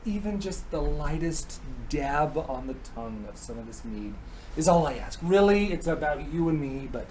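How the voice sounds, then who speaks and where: A man voicing a scheming male god who pleads in a slow, breathy, wheedling drawl. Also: a little high, lively intonation, darkish tone, slight background noise, close to an everyday voice, low-quality recording.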